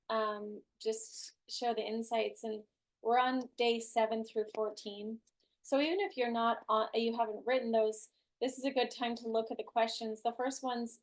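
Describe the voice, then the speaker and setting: A woman hosting an online group class, talking casually with lots of "like" and "right?". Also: on the high side. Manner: chatty, many "like" and "right?" fillers. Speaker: class host.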